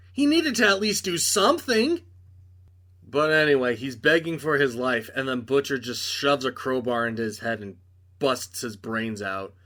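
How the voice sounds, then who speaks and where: A man's voice: mid-range voice, sharp tone. A young man recapping a TV episode in a casual review, full of sarcastic, exasperated asides.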